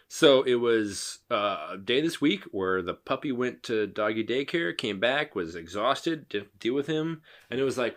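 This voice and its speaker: A man's voice: medium pitch, animated, normal speed, few pauses, a bit bright. A man in his thirties co-hosting a podcast, telling a casual story and acting out the quotes. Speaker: podcast co-host. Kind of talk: casual movie-review chat.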